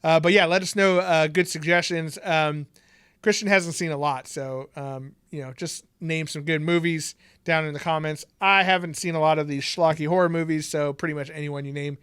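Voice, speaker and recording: A man co-hosting a podcast in easygoing chat, his voice smooth and fairly high for a man. He laughs often and leans on ums and uhs. The sound is dry and close. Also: steady tone, normal speed, fairly bright tone, no echo. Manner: laid-back, laughs often, many fillers. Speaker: podcast co-host. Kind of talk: casual chat.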